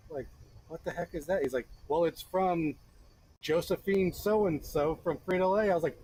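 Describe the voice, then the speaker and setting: A man in his thirties telling a lively story to a friend in a workshop, acting out the voices of the people in it. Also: a little high, normal speed, slight background noise, rough recording. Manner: animated, acts out voices in his stories. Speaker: blacksmith teaching a friend. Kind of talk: casual storytelling. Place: forge workshop.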